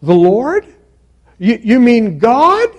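A man voicing a panicked man hanging from a cliff, yelling high and frantic for help. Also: wildly swooping pitch, slow pace, full character voice. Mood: frantic pleading. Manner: high frantic pleading shouts.

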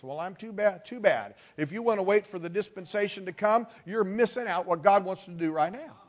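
A man's voice: sits high, fairly quick, hardly any pauses. A male pastor preaching a sermon, emphatic and calling on the congregation to respond.

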